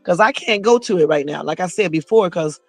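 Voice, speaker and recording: A woman's voice: lowish voice, a little fast, no echo, faint music behind. Sassy, blunt woman on a phone livestream. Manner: blunt, sassy, profane storytelling. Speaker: YouTube livestream host. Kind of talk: casual livestream chat.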